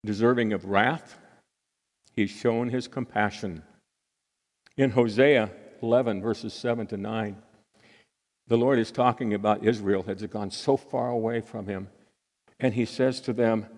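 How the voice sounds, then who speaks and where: A man preaching a sermon as pastor, earnest and unhurried, with pauses between phrases. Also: on the low side, steady tone, a little mellow. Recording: hall reverb.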